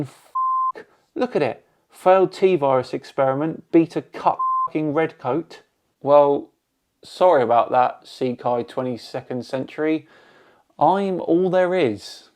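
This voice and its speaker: A man from England hosting a channel, reading hostile viewer comments aloud with dry, sarcastic replies. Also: a little high.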